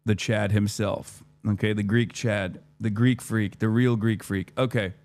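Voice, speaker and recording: Animated, profane man telling a story. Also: on the low side, normal speed, faint music behind. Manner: profane, animated, acts out his own dialogue. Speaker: streamer. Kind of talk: casual storytelling chat.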